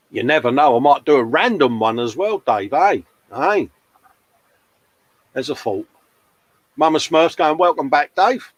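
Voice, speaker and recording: A man's voice: fairly high pitch, no echo, low-quality recording. A man hosting a live stream from his hobby bench, chatting casually, reading out viewer comments and laughing at himself. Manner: chatty, self-mocking, laughs often, calls people mate. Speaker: host of a live model-painting stream. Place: hobby workbench at home.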